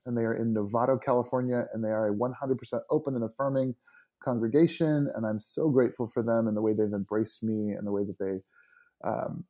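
An earnest middle-aged man speaks as a podcast guest in an enthusiastic, warm way. His voice sits mid-pitch and sounds mellow and dark. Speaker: podcast guest, worship leader. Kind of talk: casual interview chat.

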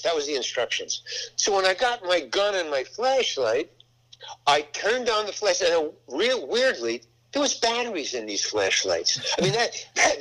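A man's voice: a little high, rough recording. An older man casually telling a rambling anecdote about a film set, acting out the voices in it. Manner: rambling, animated, acts out voices in his story. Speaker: actor telling a set story.

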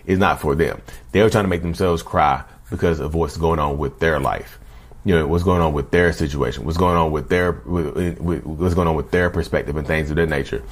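A man talking casually to his viewers, often calling them "y'all", in a direct-to-camera video monologue. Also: low voice. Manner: conversational, keeps addressing viewers as "y'all". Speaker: vlogger talking about narcissism.

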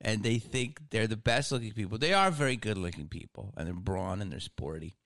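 A man's voice: lowish voice, lively intonation, brisk, a bit bright, no echo, clean studio sound. A man hosting a casual comedic chat, rambling and swearing, often laughing.

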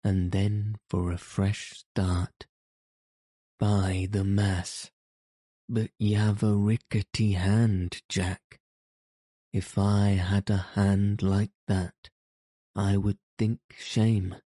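A man's voice: fairly low pitch, little pitch movement, extremely slow, mellow, no room sound, studio quality. A man voicing a bold, cheerful teenage outlaw boy who jests in old-fashioned speech. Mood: teasing. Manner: jesting, archaic speech. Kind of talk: audiobook character reading.

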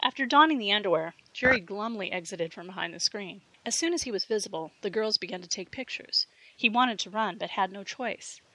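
A woman reading a fiction audiobook with steady storytelling narration. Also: medium pitch, a little fast, dry recording, poor audio.

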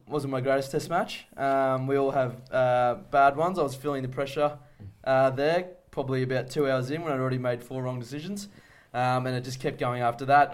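A man playing a flustered male cricket umpire, talking in a sheepish, halting, self-deprecating way. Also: mid-range voice, close to an everyday voice.

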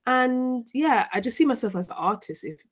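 A woman's voice: fairly high pitch, expressive, normal speed. A young adult woman with a Birmingham Midlands accent, chatting casually as a podcast guest, a bit self-deprecating. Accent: Birmingham, English Midlands. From England. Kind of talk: casual interview chat.

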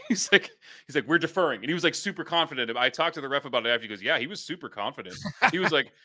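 A man with a bright, forceful voice co-hosts a podcast in casual chat. He tells lively stories, laughs often and acts out the people in them. His pitch is ordinary for a man. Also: racing. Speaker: podcast co-host, high school football coach.

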